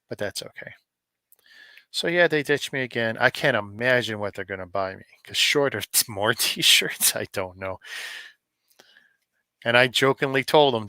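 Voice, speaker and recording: A man's voice: fairly low pitch, sharp tone, clear, resonant tone, no room sound. A middle-aged man from Canada chatting to viewers by name on a live stream, rambling and joking between stories. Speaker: live streamer opening advent calendars. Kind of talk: casual live-stream chat.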